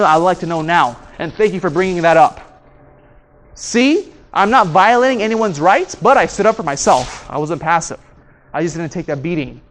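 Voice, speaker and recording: Animated man giving a motivational training talk. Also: sits high, a little fast, slight background noise. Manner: animated, acts out dialogue with voice changes. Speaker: speaker and trainer.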